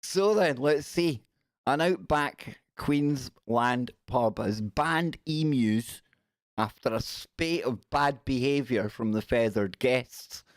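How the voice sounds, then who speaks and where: A man's voice: medium pitch, slow, dry recording, studio quality. A man hosting a casual live stream, chatty and jokey, giggling as he reads out news. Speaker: radio show host.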